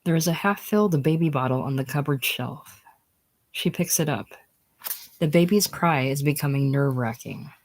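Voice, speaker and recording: A reader giving a plain, unhurried reading of a screenplay's stage directions, now and then dropping to a whisper. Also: medium pitch.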